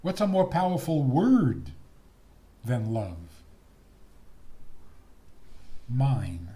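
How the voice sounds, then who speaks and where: An older man, a rabbi, giving a talk on faith and marriage in a teasing, deliberate manner. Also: medium pitch. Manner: lively, teasing, slow deliberate delivery with laughs.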